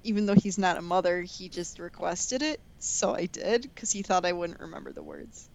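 A woman's voice: lowish voice, sing-song, moderate pace, gravelly. A young woman in her twenties co-hosting a casual chat, a playful storyteller who laughs often. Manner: chatty, giggly, playful storyteller. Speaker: podcast co-host.

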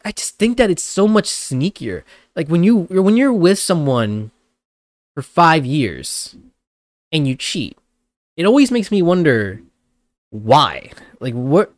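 A man's voice: on the high side, big pitch swings, unhurried, no echo. A young adult man co-hosting a casual podcast chat, talking bluntly and animatedly, swearing and laughing often. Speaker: podcast co-host.

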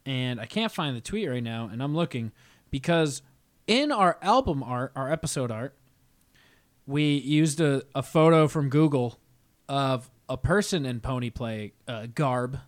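A young man co-hosting a podcast, telling a story in animated, profane casual banter and laughing often. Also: mid-range voice, a little slow. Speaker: podcast co-host.

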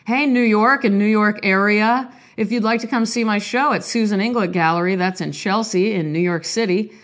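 A woman's voice: medium pitch, moderate pace. A young woman with a cold, chatting in a rambling, candid, self-deprecating way before reading a poem aloud. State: sick, coughing. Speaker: artist vlogger. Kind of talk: casual confessional chat and poetry reading.

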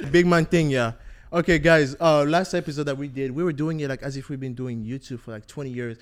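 A man's voice: mid-range voice, moderate pace. A young man hosting a casual football podcast, joking and rambling. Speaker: podcast host. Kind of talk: casual chat.

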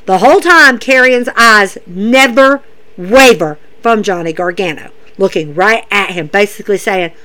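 A woman casually recapping wrestling events, animated, dropping her voice to act out what the wrestlers say. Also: a little slow. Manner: animated, acts out wrestlers' lines in a lowered voice.

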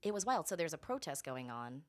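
A young woman, a podcast guest telling an animated, profane story in casual chat. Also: sits low, a little fast. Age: young adult. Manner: animated, profane, acts out quotes.

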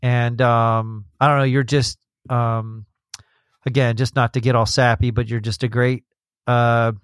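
A man hosting a casual podcast talk, mid-pitched, rambling through stories with restarts and little acted-out quotes. The sound is dry and close, with no room around him. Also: level tone, measured pace, clear, resonant tone, no room sound. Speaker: podcast host. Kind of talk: casual chat.

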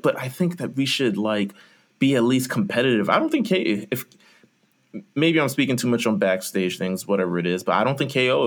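A man's voice: on the low side, vocal fry. A man co-hosting a casual wrestling podcast, speaking in an earnest, critical way and often restarting his sentences. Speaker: podcast co-host.

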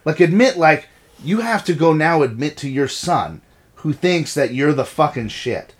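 Animated, blunt-talking man. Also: fairly high pitch, a little slow. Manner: blunt, swears freely, animated storytelling. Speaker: podcast co-host. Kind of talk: casual chat.

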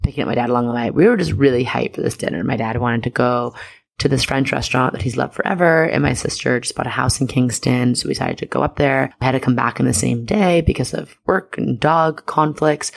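A woman's voice: a bass voice, a little fast, creaky. A young adult woman telling a personal story in a casual monologue, full of "like" fillers and candid swearing.

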